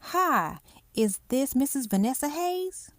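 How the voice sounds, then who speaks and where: A woman voicing a calm, even-toned female ER nurse speaking professionally. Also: sits high, takes it slowly, no echo, voice pushed up, exaggerated voice. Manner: even, professional phone manner.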